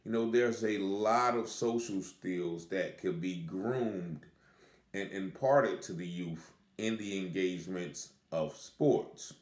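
A man with a low, deep voice gives unhurried spoken commentary. He rambles, restarting sentences and filling gaps with "you know" and "uh". The recording has a noticeable room echo. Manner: rambling, many fillers and restarts. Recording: echoey room.

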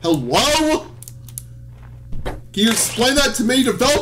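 A young man giving frustrated gameplay commentary, swearing, pleading and shouting in exasperation. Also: high voice, very animated, a little slow, slight background noise. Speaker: gaming video creator.

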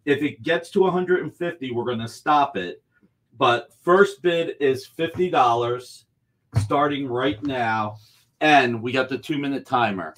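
A man running a live comic book auction over a video call, pitching books with enthusiasm and urging bidders on. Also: a little slow, fairly bright tone. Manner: enthusiastic, pushes bidders along. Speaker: guest auctioneer.

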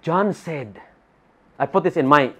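A man's voice: fairly high pitch, unhurried, slightly rough. A man with a Filipino accent preaching a sermon to a congregation in a church, reading Bible verses and putting rhetorical questions to his listeners.

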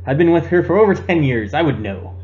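A man voicing a worried male scout who boasts of being the fastest, recorded on a muffled phone. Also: a little high, animated, pitched above the performer's own voice, close to an everyday voice. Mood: earnest. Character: anxious male scout, proud of his speed.

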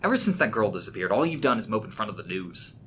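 A man's voice: lowish voice, big pitch swings, fast, fairly bright tone, a little hiss or hum. A man voicing a sarcastic, lecturing roommate. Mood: scolding. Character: blunt, fed-up male college roommate.

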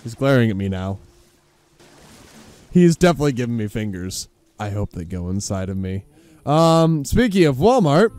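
A man hosting a profane let's play commentary, sarcastic and swearing constantly, bursting into yells. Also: medium pitch, sing-song, normal speed, pauses often, soft background music. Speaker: gaming channel host.

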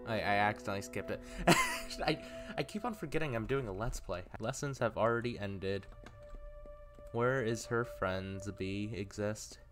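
A man's voice: on the low side, animated, music in the background. A man casually playing a game on video, reading its text aloud in a musing way and sometimes stammering. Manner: slow, musing, occasional stammers. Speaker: let's player.

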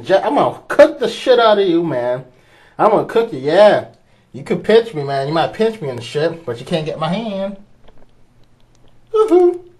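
A young man vlogging casually from his kitchen sink, excitable and profane, talking to his dog and the camera. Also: on the high side. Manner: excitable, profane, talks to a pet. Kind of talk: casual handheld vlog.

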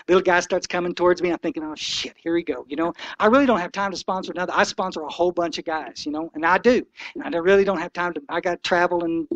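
A man's voice: sits high, fairly bright tone, no room sound, dull audio. A man in his sixties giving an impassioned, folksy talk to a recovery meeting, preachy and blunt.

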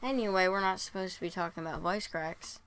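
A man co-hosting a casual podcast and talking about composing music, halting and full of fillers. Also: high-pitched, fairly bright tone, smooth. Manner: halting, full of "you know" and "um". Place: bedroom.

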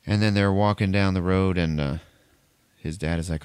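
Speaking a little fast in a clear, resonant, low-pitched voice with fairly even intonation, a podcast host casually retells a movie plot with heavy swearing. The recording has no room sound.

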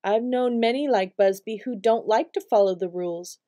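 A woman voicing God as a gentle, loving male figure who speaks calmly and reassuringly in a storybook reading. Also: mid-range voice, moderate pace, lightly acted. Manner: calm, reassuring.

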